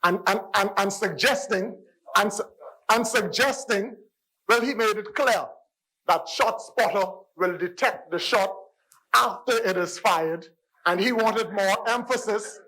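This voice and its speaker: A Bahamian-accented man speaks in a parliamentary debate with a high, forceful voice. He drives his points home, circling back to the same phrases and addressing the chair again and again. He is in a parliament chamber. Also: measured pace, breathy edge, low-quality recording. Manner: emphatic, repeats "Mister Speaker" and phrases for stress. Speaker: member of parliament.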